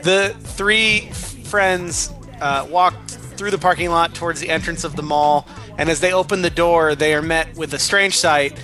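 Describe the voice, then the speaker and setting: Bright, high-voiced man narrating. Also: normal speed, soft background music. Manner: playful, mock-hurt. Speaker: podcast co-host, narrator. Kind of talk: improvised comedy narration.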